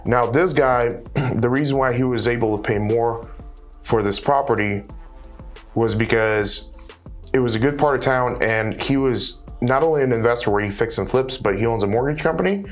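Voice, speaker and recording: Man guest, mid-pitched, earnest storyteller who restarts phrases, faint music behind. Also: moderate pace. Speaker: guest real estate wholesaler. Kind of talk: casual storytelling in conversation.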